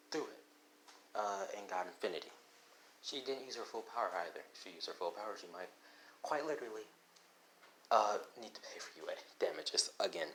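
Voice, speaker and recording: A young man with a low voice tells a fan-fiction story in a loose, offhand ramble, restarting sentences and correcting himself as he goes. He is recorded on a home microphone. A faint layer of background noise sits under his voice. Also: bright, forceful tone, rough recording. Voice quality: rambling, offhand, self-interrupting. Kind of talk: casual spoken fan-fiction retelling. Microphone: home microphone without headphones.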